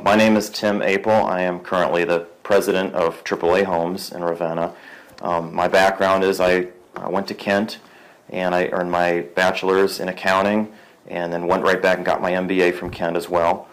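A man who is a company president, introducing himself in a relaxed way. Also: deep voice, normal speed, poor audio. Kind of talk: casual self-introduction.

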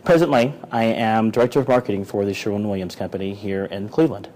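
A man who is a marketing director, introducing himself briskly. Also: fairly low pitch, fairly even intonation, a little mellow, a little hiss or hum, rough recording.

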